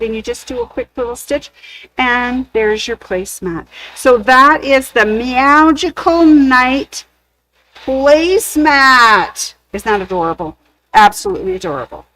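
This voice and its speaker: A woman's voice: high voice, slight background noise, poor audio. A woman hosting a sewing shop's live show, gushing over craft samples and telling corny jokes in casual chat.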